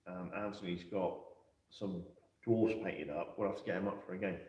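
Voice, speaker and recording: A man's voice: low-pitched, normal speed, a little mellow. A man co-hosting a wargaming livestream, chatting casually, joking and swearing freely, laughing often. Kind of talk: casual banter, reading live chat. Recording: echoey room, mic far off.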